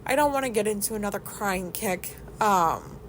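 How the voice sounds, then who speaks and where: A woman's voice: medium pitch, very animated, normal speed, a little hiss or hum. A woman hosting her own podcast, talking through sad feelings in a rambling, hesitant way with many fillers, restarts and casual swearing. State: sad, teary. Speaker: podcast host. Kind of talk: casual personal monologue.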